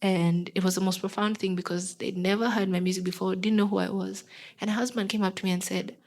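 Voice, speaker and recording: A woman's voice: medium pitch, fast talker, low-quality recording. A young Kenyan woman with a Kenyan accent, a guest singer chatting casually in an interview and acting out the people she quotes. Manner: lively storyteller who acts out the people she quotes.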